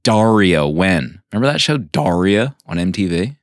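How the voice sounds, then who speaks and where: Lively, playful man hosting a podcast. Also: deep voice, dry recording, studio quality. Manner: playful and teasing, quick to laugh. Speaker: podcast host. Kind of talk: casual chat.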